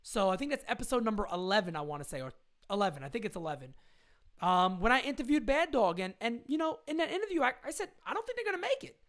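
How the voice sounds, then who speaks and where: A woman's voice: medium pitch, big pitch swings, fast talker. A woman hosting a casual live stream chat, talking in slangy, emphatic bursts, repeating her points and answering viewer questions. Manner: slangy fan talk, occasional swearing.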